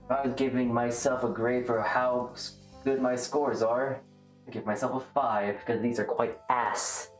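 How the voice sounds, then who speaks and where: A woman's voice: extremely low pitch, steady tone, unhurried, faint music behind. A woman streamer chatting casually and rambling, joking at her own expense while reacting to chat. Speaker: livestreamer. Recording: roomy echo.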